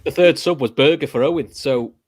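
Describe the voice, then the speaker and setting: A man's voice: fairly high pitch, a little fast, crowd noise. A young man with a Liverpool accent hosting a casual football podcast, telling stories with animation and acting out the reactions. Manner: animated storytelling, acts out reactions. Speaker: podcast host.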